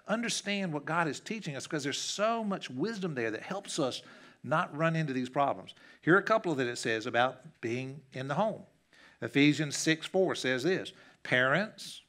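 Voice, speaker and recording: A middle-aged male pastor delivers a sermon in a church. His voice is bright and forward. He tells stories, rising to loud, animated peaks and dropping to soft, quiet passages. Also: medium pitch. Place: church sanctuary.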